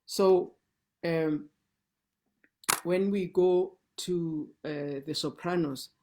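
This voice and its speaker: A South African woman leads an online sing-along from indoors, patiently teaching a song's words and pronunciation. Her fairly low, mellow voice is steady and drawls its words as she repeats syllables and starts over to explain.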